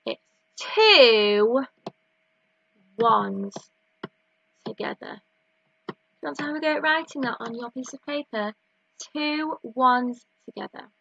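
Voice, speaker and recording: A woman with a Northern English accent, teaching a slow, clear maths lesson to young children with counting chants. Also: high-pitched, fairly bright tone, no echo, muffled recording. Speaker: reception class teacher.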